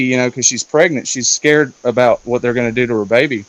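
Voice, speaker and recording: A man's voice: mid-range voice, fairly quick, dry recording. A man in a casual round-table talk, loosely retelling a film plot with lots of fillers and swearing. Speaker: round-table discussion guest.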